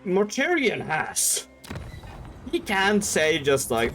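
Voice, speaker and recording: A male streamer recounts a story in loose, irreverent chat. He stumbles, restarts and curses freely. His pitch swings widely from phrase to phrase. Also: very animated, a little slow, faint music behind. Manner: rambling, irreverent, laughs, swears. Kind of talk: casual lore retelling.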